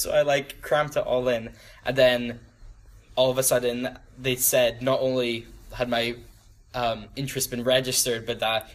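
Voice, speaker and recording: At a moderate pace and in a steady mid-range voice, a youth group speaker in his twenties addresses a small group in a church room. His casual talk wanders, with many ums and restarts, and he chuckles at his own tales.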